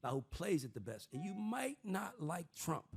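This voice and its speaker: A podcast host with a slightly high voice runs a casual panel chat at a moderate pace over soft background music. He's profane and streetwise, animatedly acting out other people's voices as he explains things.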